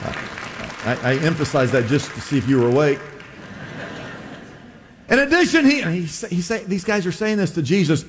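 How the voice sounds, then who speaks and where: A man's voice: fairly high pitch, big pitch swings, normal speed, long pauses, a faint crowd. A man preaching a sermon to his congregation, telling a scripture story with stammered restarts and asides to the listeners. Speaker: pastor. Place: church sanctuary. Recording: long reverb of a large church hall.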